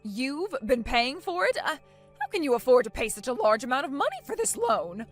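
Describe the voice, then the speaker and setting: Bossy and indignant, this middle-aged mother-in-law barks orders and protests at full volume, as a woman acts her out. Her raised voice leaps around in pitch, sitting a little high. Soft music plays beneath this animated story. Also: brisk. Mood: alarmed. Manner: loud, indignant, demanding. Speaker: voice actor. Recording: faint music underneath.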